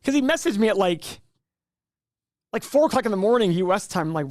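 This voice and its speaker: A man's voice: sits high, big pitch swings, fast talker, long pauses, darkish tone, dry recording, clean studio sound. Chatty man hosting a live stream. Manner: chatty, rambling, frequent restarts. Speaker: livestream host. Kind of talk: casual live stream chat.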